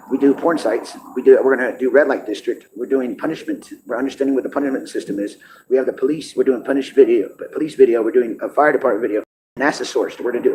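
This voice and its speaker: A man's voice: medium pitch, noisy background. A man talking in a rambling, profane monologue, laughing often and restarting his sentences.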